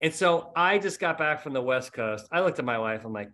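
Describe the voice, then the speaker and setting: A man's voice: medium pitch, sing-song, brisk, fairly bright tone. A middle-aged man hosting a podcast, telling stories in casual, self-mocking chat. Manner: rambling storyteller, self-mocking. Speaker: podcast host.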